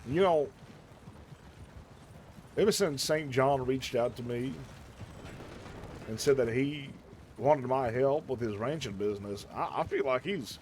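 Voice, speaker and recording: A man's voice: medium pitch, unhurried, long pauses, a little hiss or hum. A man chatting in character during a role-play game, exclaiming in shock at the news.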